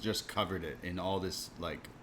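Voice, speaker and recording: Lively, laughing podcast co-host, lower voice. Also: male voice, normal speed, slight background noise. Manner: animated, laughing, swears freely. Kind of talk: casual chat. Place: Toronto.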